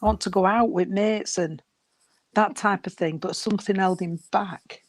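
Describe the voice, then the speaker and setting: A woman giving a spirit reading to a sitter, gentle and unhurried, often calling her sweetheart and darling. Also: mid-range voice, steady tone, no echo. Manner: unhurried, halting delivery. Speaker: psychic medium.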